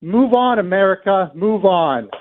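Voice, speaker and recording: A man's voice: high voice, expressive, a little slow. A man calling into a radio show, earnest and aggrieved, with hesitant fillers. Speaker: radio caller. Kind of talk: call-in radio. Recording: tinny phone line.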